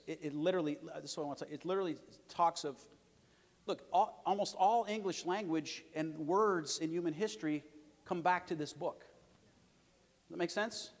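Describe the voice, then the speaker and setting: A fairly high-voiced man preaching to a congregation, hammering home words by repeating them. He swings from forceful, loud declarations to quieter asides. His voice rings with a long church reverb. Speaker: pastor. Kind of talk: sermon.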